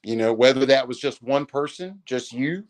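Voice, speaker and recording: A man with a medium pitch, speaking at a moderate pace, appears as a podcast guest telling a personal story. He's earnest and casual, saying "dude" and "man" often, and chokes up at times in this emotional storytelling.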